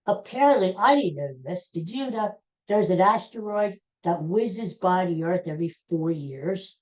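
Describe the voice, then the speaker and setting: Rambling chatty woman, mellow voice. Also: fairly low pitch, low-quality recording. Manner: rambling, chatty, stumbles over names. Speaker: podcast host. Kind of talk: casual solo chat.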